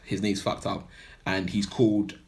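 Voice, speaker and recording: A man's voice: sits low, level tone, moderate pace, creaky, a little mellow. A man on a podcast, casually recapping a film plot in a rambling way full of "like" and "blah blah". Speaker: podcast co-host.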